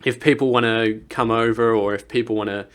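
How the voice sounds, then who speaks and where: A young man speaks in a loose, earnest vlog manner. He circles his points with restarts and drops into low asides. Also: fairly even intonation, a little fast, clear, resonant tone. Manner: rambling, earnest, with frequent restarts and quiet asides. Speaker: vlogger. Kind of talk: casual personal vlog talk.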